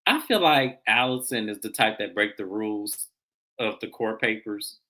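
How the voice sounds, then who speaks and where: Animated woman recapping a reality show. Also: rumbling low, normal speed. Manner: animated storyteller, acts out the people she describes. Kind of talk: casual TV recap chat.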